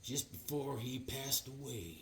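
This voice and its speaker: A man voicing a kindly old cowboy who drawls slowly in a husky, hushed voice. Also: mid-range voice, animated, a little hiss or hum. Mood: drawling, gentle.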